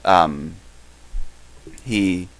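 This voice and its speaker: Young male podcast co-host, deep voice, rambling casual chatter. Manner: rambling, halting, many restarts. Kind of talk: casual live-stream Q&A chat.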